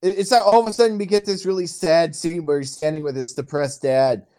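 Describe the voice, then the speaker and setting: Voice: mid-range voice, fairly even intonation, a little fast, warm tone. A podcast co-host in casual chat, recapping a film's plot with dry sarcasm.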